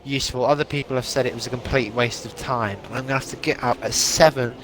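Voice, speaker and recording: A man's voice: medium pitch, fairly even intonation, fast. Young male co-commentator, casual banter, hiccupping, laughs a lot; noisy feed. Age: young adult. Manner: jokey, swears, laughs often. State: has hiccups. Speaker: race commentator. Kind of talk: casual sim racing commentary.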